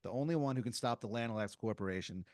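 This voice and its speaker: A man's voice: mid-range voice, fast talker, darkish tone, no echo, studio quality, lightly acted. A man playing a mysterious male figure in an astronaut helmet, speaking urgently and pleading.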